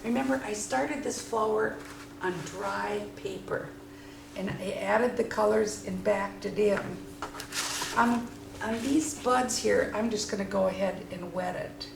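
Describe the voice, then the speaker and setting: A watercolor instructor with a mid-range voice and vocal fry speaks at a measured pace. She's enthusiastic and talkative while demonstrating her painting. The recording has room echo and slight noise.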